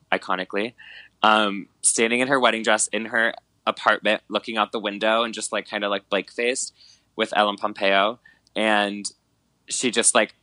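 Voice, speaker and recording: A young man in casual podcast chat, retelling events with big animated emphasis and constant filler words. His voice sits a bit low but carries a bright, forward tone. The recording is close and dry. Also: no echo, rough recording. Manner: animated storyteller, many fillers like "like" and "um", dramatic retellings.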